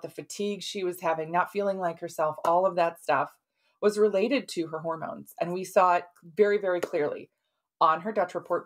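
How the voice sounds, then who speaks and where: Speaking in a lowish voice, a middle-aged podcast host who also works as a health practitioner tells a client's story. Her style is casual and conversational, with many sentences ending in "right?".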